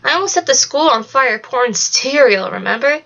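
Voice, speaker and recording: A woman's voice: high voice, animated, normal speed, creaky, fairly bright tone, highs cut off, full character voice. A woman reading aloud, voicing a joking, offhand boy.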